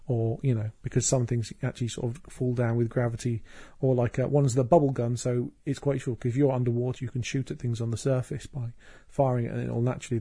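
A man's voice: medium pitch, dark tone, breathy edge. A man hosting a casual podcast, rambling with many fillers and restarts. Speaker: podcast host. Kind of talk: casual chat.

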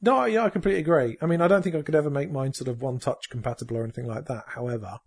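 A man hosting a casual games podcast, animated and jokey, with quick asides. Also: medium pitch, gravelly, slightly rough. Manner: animated, jokey, slips into silly impressions. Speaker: podcast host. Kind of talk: casual chat.

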